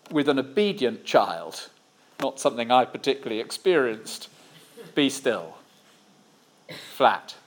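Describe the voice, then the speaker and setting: Guy preaching a sermon, bit of a higher voice, wry jokes and big pauses. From Cornwall, England. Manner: storytelling with wry humor, dramatic pauses.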